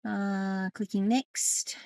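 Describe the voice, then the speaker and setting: A woman's voice: mid-range voice, level tone, very slow, vocal fry, a little mellow, no echo. A middle-aged woman, walking viewers through a settings tutorial in a chatty way, correcting herself and often laughing. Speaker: tech educator and podcast host. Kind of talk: screen-share tutorial.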